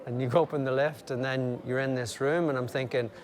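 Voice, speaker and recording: Lively man telling stories. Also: medium pitch, fairly quick. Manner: animated anecdotes with impressions and laughter. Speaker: guest. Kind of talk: casual storytelling chat.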